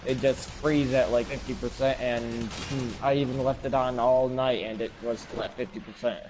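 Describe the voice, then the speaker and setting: A man chatting casually with friends while playing a game on a stream, relaxed and rambling, laughing easily. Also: medium pitch, normal speed, background noise. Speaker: gamer on a stream. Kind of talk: casual chat while gaming.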